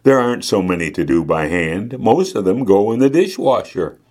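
A man's voice: lowish voice, expressive, normal speed, darkish tone. A man voicing a cheerful, encouraging grandmother in a children's story.

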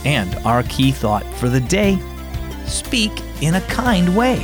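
Animated male kids' show host. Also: a little high, slow, music in the background. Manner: friendly, questioning the listener. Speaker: host and narrator of a children's devotional. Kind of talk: scripted narration for kids.

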